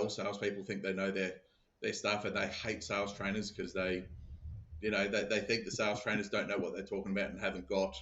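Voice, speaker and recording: A low-pitched man talks through his sales stories in a casual podcast chat, often stumbling and repeating words as he restarts a thought. His voice sounds roomy and a little dull, as if it was recorded remotely in an echoey room. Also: fairly bright tone. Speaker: podcast guest, sales business founder. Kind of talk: casual conversation.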